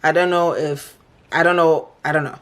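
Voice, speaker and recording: Female reaction host with a lower register, exasperated and outspoken. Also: steady tone, normal speed. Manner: blunt, opinionated, exasperated. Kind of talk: casual commentary on a reality show.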